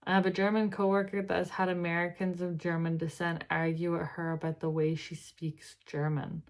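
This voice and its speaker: A tired woman with a lowish voice reads online posts aloud for her channel, stopping often for casual, sighing remarks of her own. She keeps it loose and chatty, as if talking to friends late at night. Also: little pitch movement, brisk, hardly any pauses. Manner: chatty, sighing, breaks off to talk to her pet. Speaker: reaction video host.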